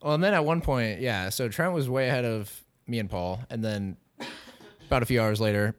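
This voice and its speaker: A young man guest on a podcast, chatting in a laid-back way, often laughing and trailing off quietly. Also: medium pitch, fairly quick. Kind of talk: casual chat.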